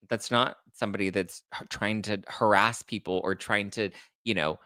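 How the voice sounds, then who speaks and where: A man's voice: low voice, fairly bright tone, no room sound. Heated, indignant male commentary host. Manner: reads legal text aloud and reacts. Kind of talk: casual commentary reading chat and documents.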